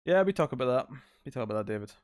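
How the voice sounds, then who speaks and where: A man hosts a relaxed livestream from his couch at home, rambling and answering chat messages in a middle-pitched voice. The sound is dry, with little room echo. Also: rapid-fire. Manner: laid-back, rambling, reads chat aloud. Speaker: streamer host. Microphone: distant mic, moves out of frame.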